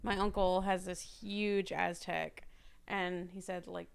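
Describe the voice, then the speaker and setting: A woman's voice: fairly low pitch, flat delivery, slow, creaky. A woman guest on a podcast, chatting casually in loose, hesitant phrases. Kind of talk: casual chat.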